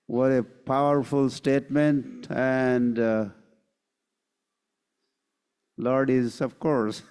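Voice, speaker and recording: This spiritual teacher's voice is medium in pitch, darkish, and smooth, with a flat delivery. He tells a story slowly during a scripture lecture, acting out the quotes, while long hall reverb surrounds him.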